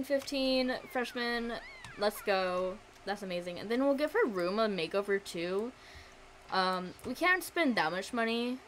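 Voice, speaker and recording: A woman's voice: mid-range voice, slight background noise. A young woman streaming a life-simulation game, chatting casually to her viewers and coaxing her characters along. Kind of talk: casual gameplay commentary.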